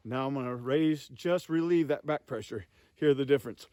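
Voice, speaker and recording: A man's voice: medium pitch, moderate pace, heavy background noise. A man teaching goose calling step by step, voicing honks and clucks to show the technique. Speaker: goose call instructor. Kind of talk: instructional demonstration.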